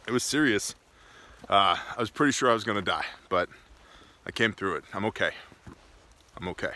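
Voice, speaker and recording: A man's voice: mid-range voice, bright, forceful tone. A man hosting a casual solo vlog, talking off the cuff with joking, self-mocking asides, outdoors on rural land. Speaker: host.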